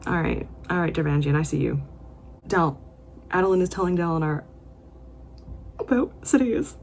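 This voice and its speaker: A woman's voice: on the low side, normal speed, pauses often, slight background noise. A young woman vlogging her reactions while reading, talking in an emotional, gushing and exclamatory way. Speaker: book vlogger. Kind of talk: reading vlog commentary.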